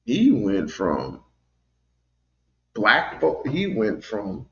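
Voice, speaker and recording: Gravelly lecturing man, muffled audio. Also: on the low side, huge pitch swings, very slow, pauses often. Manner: lecturing, emphatic. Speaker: livestream co-host. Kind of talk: call-in commentary.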